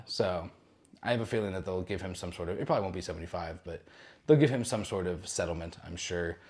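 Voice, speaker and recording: A young man with a deep, slightly mellow voice hosts a casual cruise news roundup, chatty and rambling, tossing in jokey asides and often correcting himself.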